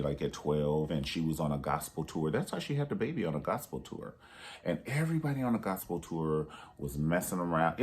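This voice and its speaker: In a voice that sits low, a man delivers a casual movie review full of sass and emphasis. He says things twice to drive them home and sprinkles in pet names.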